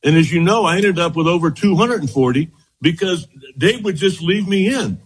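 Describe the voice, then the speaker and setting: Older guy, husky voice, kinda high, telling old baseball stories and laughing a lot. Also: normal speed, low-quality recording. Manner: animated anecdotes, laughs often, frequent "as you know". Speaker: former baseball pitcher, guest. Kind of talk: reminiscing storytelling.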